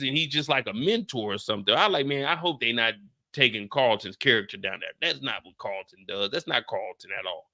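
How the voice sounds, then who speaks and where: A young man from the Bay Area hosting a casual TV recap show, animated and profane, often acting out scenes. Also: mid-range voice, fairly quick. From San Francisco Bay Area. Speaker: show host.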